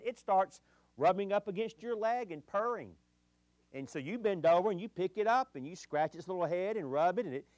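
A man preaching a sermon on marriage, telling folksy stories with dramatic pauses and strong emphasis. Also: high-pitched, no echo. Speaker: pastor.

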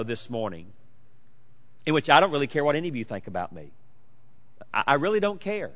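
Man, late forties, preacher, sermon, bright ringing voice, emphatic with hushed asides, long hall reverb. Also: a little high. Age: 40s. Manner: emphatic, swinging from loud declarations to hushed asides. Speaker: pastor.

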